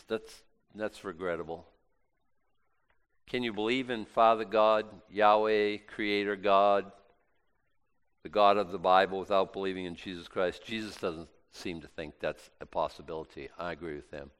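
A man's voice: on the low side, normal speed, fairly bright tone, clean tone. A man preaching a sermon, reading scripture and talking it through in an emphatic, conversational way with frequent restarts.

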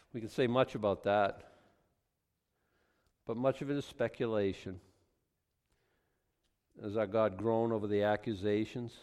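A man's voice: fairly low pitch, fairly even intonation, a little slow, pauses often. Preaching man in a reverberant hall. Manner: reads scripture aloud and comments, rising to loud emphatic passages. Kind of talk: sermon.

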